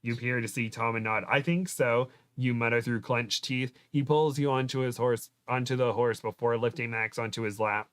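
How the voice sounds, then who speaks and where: A man's voice: mid-range voice, steady tone, fairly quick, few pauses, clear, resonant tone, no room sound. A man hosting a show, reading a book aloud dramatically and breaking off for joking asides. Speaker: host. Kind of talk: comedic read-aloud of a book.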